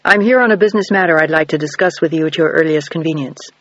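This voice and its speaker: A man's voice: on the high side, fast talker, a bit bright, no room sound, muffled recording, natural voice. A male narrator voicing a polite, formal middle-aged investigator in an audiobook. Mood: courteous.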